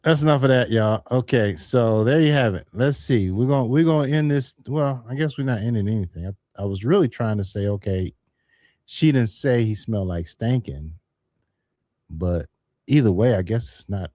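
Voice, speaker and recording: A man's voice: mid-range voice, expressive, moderate pace, a little mellow, dry recording, clean studio sound. A man hosting a live stream in a casual, chatty way, calling out poll votes to viewers. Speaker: livestream host.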